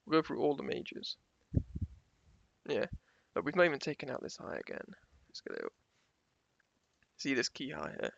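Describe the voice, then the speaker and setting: A man's voice: a little high, gravelly, fairly bright tone, no echo. A man giving a casual screen-share tutorial on forex trading, repeating key phrases for emphasis and checking in with the viewer. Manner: conversational, keeps checking in with the viewer. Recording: dull, slightly lo-fi sound.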